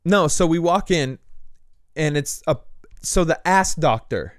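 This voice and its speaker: A young man co-hosting a casual podcast, his voice a bit high and bouncing all over as he tells crude family stories. He swears freely and keeps breaking into laughter, recorded dry and close. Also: unhurried, no echo. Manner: lively storytelling with swearing and laughter. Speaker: podcast co-host.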